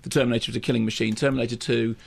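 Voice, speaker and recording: A man, a film critic riffing wryly on a radio review show, with quick stammered restarts. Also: medium pitch, little pitch movement, vocal fry. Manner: rapid, wry, tangent-prone with stammered restarts.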